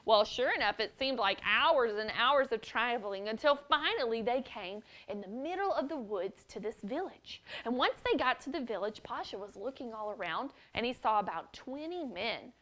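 A woman's voice: on the high side, lively intonation, moderate pace, few pauses, a bit bright. A woman teaching children's church, telling a story and often addressing the boys and girls directly.

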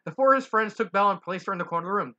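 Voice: medium pitch, rapid-fire, sharp tone, highs cut off. A reader reading a story aloud who giggles and adds asides. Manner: giggly, self-commenting asides. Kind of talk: reading fan fiction aloud.

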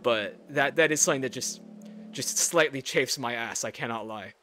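Young male game host, bright voice, excitable and chatty, loose and profane. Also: medium pitch, moderate pace, faint music behind. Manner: excitable, swears casually, chatty asides. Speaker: gaming video host. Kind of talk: let's play commentary.

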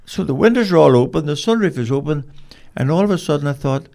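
A man's voice: a little high, expressive, fast talker, vocal fry, dark tone. An older man, a podcast guest telling rambling, colloquial stories in a casual interview. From Cork, Ireland.

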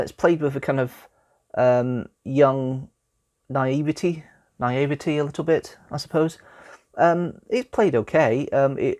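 A man giving a casual, unscripted spoken review of a TV episode, with frequent restarts and pauses. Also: mid-range voice, a little mellow.

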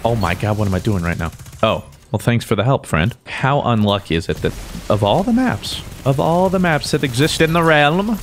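Excitable young man commenting on gameplay. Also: medium pitch, moderate pace, soft background music. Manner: excitable, joking, talks to himself. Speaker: gaming YouTuber.

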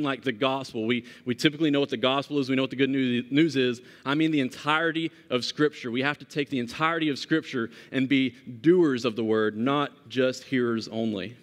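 A man preaching a conversational sermon as pastor, earnest and informal, with frequent restarts and fillers. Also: medium pitch. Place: church sanctuary. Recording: long church-hall reverb.

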